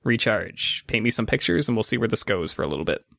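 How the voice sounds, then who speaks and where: A man runs a tabletop game with loose, chatty narration, asking players what happens next. His voice sits a little low, and the recording is dry with no room sound. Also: lively intonation, quick pace, creaky, fairly bright tone, no echo. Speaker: game master.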